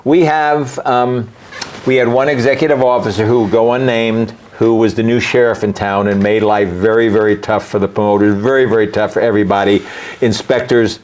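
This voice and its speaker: A man's voice: on the low side, fairly even intonation, a little fast, a little mellow. An older man, a boxing promoter, talking in a casual interview and stressing points by repeating words.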